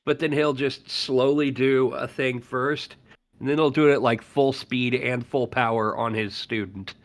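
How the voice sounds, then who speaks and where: A man's voice: medium pitch, steady tone, unhurried. A man hosting a podcast, chatting casually and riffing sarcastically. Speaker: podcast host. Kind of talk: casual chat.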